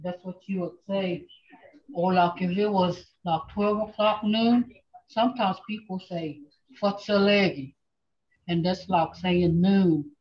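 Slow, patient woman teaching over a call. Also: lowish voice. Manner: slow, patient, repeats phrases for students. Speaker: language instructor. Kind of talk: online language class teaching. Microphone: video call. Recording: dull lo-fi video call audio.

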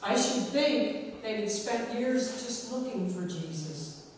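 A preacher, heard from a distance in an echoey church hall, gives her sermon at an unhurried pace marked by dramatic pauses. Her pitch sits in the middle and her intonation is lively; every phrase leaves a long echo, and faint room noise lies underneath.

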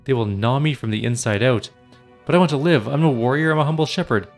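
A man's voice: medium pitch, fast talker, faint music behind, lightly acted. A man voicing a nervous young male cleric who stutters and pleads. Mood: frightened. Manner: stammering, pleading.

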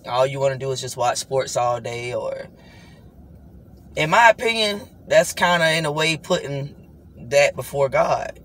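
A woman's voice: deep voice, a bit bright, rough recording. Woman, tired, casual devotional vlog, chatty, traffic noise behind. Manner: loose, conversational preaching with repeated "guys" and "you know". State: tired after an all-night work shift. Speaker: vlogger hosting a weekly worship talk. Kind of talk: casual devotional talk to camera.

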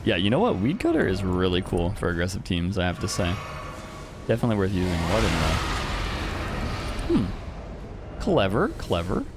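Low-voiced dude teasing other players while he games, voice jumps around a lot, noisy background. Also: big pitch swings, normal speed, pauses often. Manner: playful, teasing, chuckles often. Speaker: streamer playing an online game. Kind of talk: casual gameplay commentary.

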